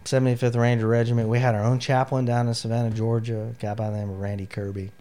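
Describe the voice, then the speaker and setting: A man's voice: medium pitch, level tone, quick pace, mellow. A middle-aged man, an army veteran, telling his personal story in an interview, candid and emotional, with lots of "you know" fillers. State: near tears.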